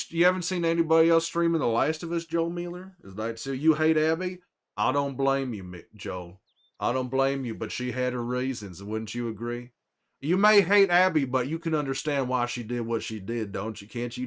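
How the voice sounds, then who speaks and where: A man voicing a gruff, weary middle-aged Texan man, folksy and teasing, chatting in character with viewers in a slow Southern drawl. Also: mid-range voice, fairly bright tone, lightly acted. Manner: drawling, folksy, teasing, trails off with "there" and a name. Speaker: streamer in character. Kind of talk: in-character chat with stream viewers.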